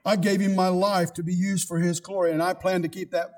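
A man's voice: sits high, flat delivery, brisk. An older man, a pastor, preaching a sermon with rising emphasis and quoted scripture.

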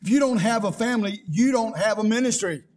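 A man's voice: high-pitched, brisk, darkish tone. An older man, a pastor, preaching a sermon with rising emphasis and quoted scripture.

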